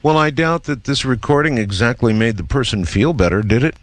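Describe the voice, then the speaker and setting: A man's voice: mid-range voice, lively intonation, brisk, no room sound. A man hosting a radio interview, asking skeptical, probing questions of his guests. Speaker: radio host.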